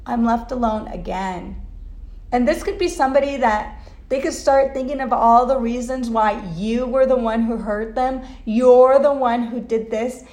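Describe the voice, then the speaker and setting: Woman tarot reader, blunt, emotional, swears a lot; highish voice, roomy home recording. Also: a little mellow. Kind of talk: casual tarot reading. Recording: echoey room.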